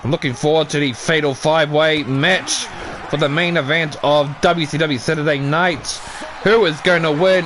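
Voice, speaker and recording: A high-voiced man calls a wrestling video game play by play, chatting casually between moves and yelling when the action spikes. He swears now and then. A faint hiss sits under the recording. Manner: excitable, shouts big moves, casual and swears. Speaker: YouTube gaming commentator.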